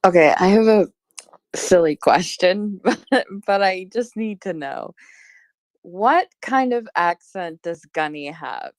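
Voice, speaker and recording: A woman's voice: fairly low pitch, animated, slow, no room sound, clean studio sound. A woman in the audience asking questions casually, giggly and curious. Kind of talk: casual chat in a live audio room.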